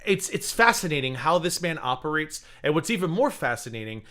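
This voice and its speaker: A man's voice: a little high, very animated, brisk, pushed and bright. A man hosting a livestream reaction show, giving casual, sarcastic commentary with mocking asides.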